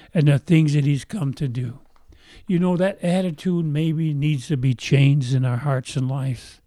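Male pastor, sermon, earnest, mellow warm tone, dry sound. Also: medium pitch, dry recording.

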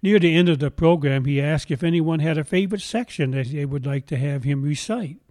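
Man preaching with a dark, dry voice. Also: a little high, no echo. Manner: slow deliberate emphasis on scripture, gentle storytelling. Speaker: pastor. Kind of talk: sermon.

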